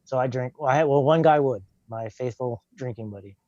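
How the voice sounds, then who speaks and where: A man's voice: mid-range voice, brisk, a little mellow, no room sound, lo-fi sound. An older man tells his own life story in plain, earnest words, often acting out what he said back then. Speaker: guest telling his testimony. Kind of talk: personal testimony, casual storytelling.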